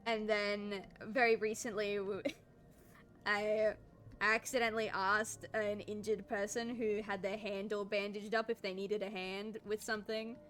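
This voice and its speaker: A young woman chatting with stream viewers while drawing, an animated storyteller who laughs often and pokes fun at herself. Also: mid-range voice, unhurried, faint music behind. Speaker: art streamer. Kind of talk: casual chat with stream viewers.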